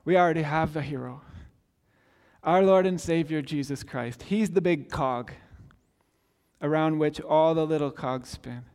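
Preaching in a large hall at a measured pace, a pastor in his forties uses a slightly mellow voice on the high side. His sermon unfolds like a conversation full of stories, with sentences often begun again.

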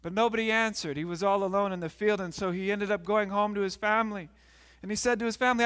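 A man preaching, then telling a story to kids in an animated way, acting out the characters. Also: sits high, fast talker, clear, resonant tone, in a large hall. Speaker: pastor. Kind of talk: sermon and children's story retelling.

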